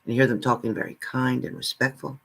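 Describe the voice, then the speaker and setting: Man, spiritual reading monologue, husky, earnest, repetitive, direct address. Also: medium pitch, flat delivery, fast, a bit bright. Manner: earnest, repetitive, speaks straight to the listener. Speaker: spiritual reader.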